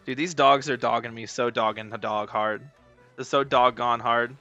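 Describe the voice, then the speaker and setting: A man chats through a live game in a bright, tense voice, joking, rambling, swearing and breaking into loud excited yelling. The sound is dry, close and somewhat dull, with faint music underneath. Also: mid-range voice, unhurried, no room sound. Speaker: gaming streamer. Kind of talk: casual live gameplay commentary.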